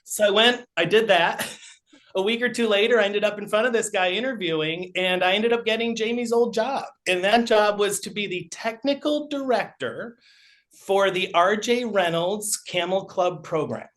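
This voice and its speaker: A man's voice: high-pitched, normal speed, a bit bright. A middle-aged man and podcast guest, telling casual, rambling anecdotes full of fillers. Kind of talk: casual storytelling.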